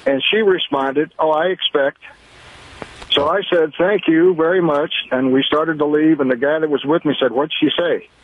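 A man calling in to a radio show, telling a folksy story in an unhurried way. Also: a little high, slight background noise. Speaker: caller. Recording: dull lo-fi phone line.

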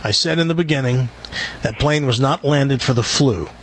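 A man's voice: mid-range voice, normal speed, a little hiss or hum. A man co-hosting a radio show, chatting casually and making wry, teasing remarks. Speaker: radio co-host.

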